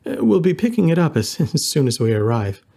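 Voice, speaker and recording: A man's voice: on the high side, sing-song, fairly quick, gravelly, mellow, pitched above the performer's own voice, exaggerated voice. A man reading an audiobook, voicing a nervous goth engineer who talks politely and stumbles through ums and uhs. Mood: awkward. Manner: hesitant, polite, full of ums.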